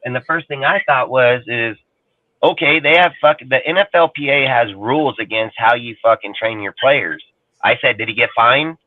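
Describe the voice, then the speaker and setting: A man's voice: medium pitch, moderate pace, no echo. Man, casual sports talk, profane, rambling, heated, phone-like audio. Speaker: guest on a sports talk show. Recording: tinny phone-like line, dry.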